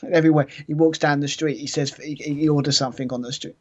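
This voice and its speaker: A man chatting about a wrestling game, talking fast with frequent restarts. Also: on the high side, fairly even intonation, darkish tone. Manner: quick, stumbling restarts. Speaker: co-host. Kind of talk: casual gaming chat. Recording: dull lo-fi mic.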